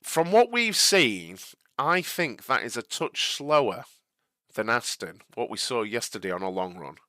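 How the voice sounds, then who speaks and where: A man's voice: medium pitch, very animated, pushed and bright, no echo, studio quality. A young man hosting a live watch-along stream, answering viewer chat in an earnest, slightly exasperated way and often restarting his sentences. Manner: halting, many restarts and repeated words.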